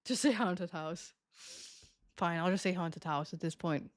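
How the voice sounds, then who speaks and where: A woman's voice: fairly low pitch, a little slow. A woman streamer chatting casually to her live audience, giggling often as she talks. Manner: giggly, laughs often between words.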